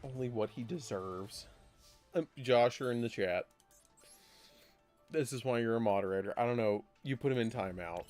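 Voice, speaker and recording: A man streaming a card game live, chatting excitedly to his viewers, laughing often and muttering through his plays. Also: mid-range voice, moderate pace, long pauses, soft background music. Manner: excitable, laughs a lot, talks to chat.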